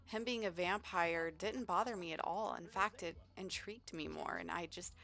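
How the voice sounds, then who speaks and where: A woman voicing a sweet, kind young vampire woman who talks in a gentle, gushing way. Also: lowish voice, very animated, normal speed, soft background music, exaggerated voice. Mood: warm. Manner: gentle, gushing, full of fillers.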